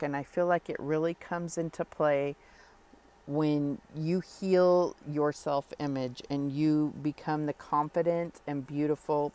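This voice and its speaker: A woman giving a spoken tarot reading, talking earnestly and reassuringly straight to the listener, with pauses and fillers as she thinks. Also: deep voice, darkish tone. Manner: thoughtful with frequent pauses and fillers. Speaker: tarot reader.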